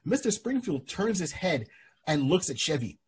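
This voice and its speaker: Very husky man retelling a comic. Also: a little high, moderate pace. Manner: animated storytelling with many restarts. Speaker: podcast host. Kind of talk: casual chat.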